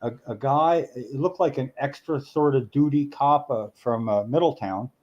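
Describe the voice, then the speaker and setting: A man's voice: medium pitch, moderate pace, a little mellow, lo-fi sound. A middle-aged man, telling a long anecdote in casual podcast chat, rambling with many fillers and restarts.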